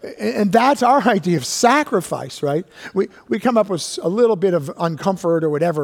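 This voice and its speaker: A man's voice: high-pitched, expressive, creaky. Preaching man in a reverberant church. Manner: emphatic preaching, drawn-out key words, drops to hushed tones. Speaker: pastor. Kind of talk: sermon. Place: church sanctuary. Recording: long reverb of a church hall.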